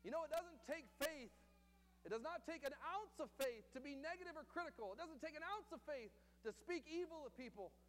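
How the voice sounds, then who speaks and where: A man's voice: very high-pitched, expressive, a little fast, fairly bright tone. A man preaching a sermon with earnest, repetitive emphasis in a church hall. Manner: earnest preaching, repeating phrases, reads scripture and quotes aloud. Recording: long hall reverb, faint hum.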